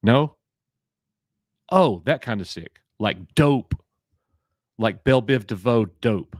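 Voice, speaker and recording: A man's voice: mid-range voice, expressive, takes it slowly, no room sound, studio quality. A man from Alabama with a Southern accent, hosting a casual live stream, joking and bantering as he reads names from chat.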